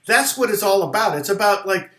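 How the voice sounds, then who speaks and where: A man talks through a songwriting lesson in a slightly high voice, rambling and restarting his sentences. He sometimes softly sings a lyric line to show his point. The sound is roomy and echoey. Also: lively intonation. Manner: rambling, halting, many restarts and fillers. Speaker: guitar teacher. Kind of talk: casual livestream lesson.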